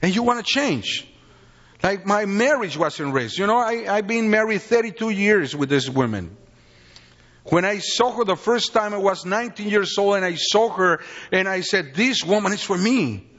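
A man's voice: high voice, expressive, normal speed, a bit bright, big-room sound, highs cut off. A man in his fifties from Mexico with a Mexican Spanish accent, a native Spanish speaker giving an earnest, rambling sermon testimony in broken English.

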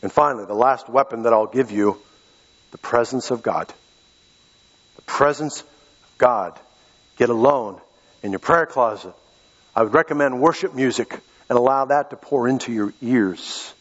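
A man's voice: medium pitch, moderate pace, pauses often, breathy edge. A middle-aged man from western Pennsylvania preaching a sermon as pastor, impassioned and repeating key phrases. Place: church sanctuary. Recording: echoey hall, dull lo-fi sound.

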